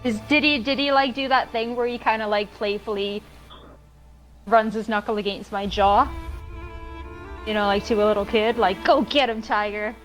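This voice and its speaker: A woman chatting casually as a player in a tabletop game, with quick asides. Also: mid-range voice, steady tone, soft background music, rough recording.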